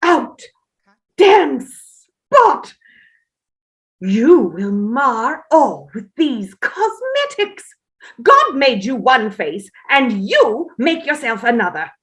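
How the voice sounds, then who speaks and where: Woman doing a proud bossy old-time queen, slow grand delivery, bright ringing tone, stage reading. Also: high-pitched, very animated, exaggerated voice. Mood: sleepwalking raving. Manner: declamatory, imperious. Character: imperious sleepwalking Tudor queen, haughty, commanding.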